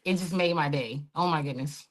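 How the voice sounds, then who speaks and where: Passionate woman, animated storyteller, podcast guest. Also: low-pitched, fairly quick. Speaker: guest, hike organizer. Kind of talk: podcast interview, personal story.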